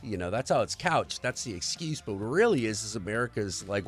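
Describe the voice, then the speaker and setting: With faint music behind him, a man on a livestream rants about society in a casual political way, earnest, meandering and profane. His fairly low, slightly rough voice swings widely in pitch and runs a little fast.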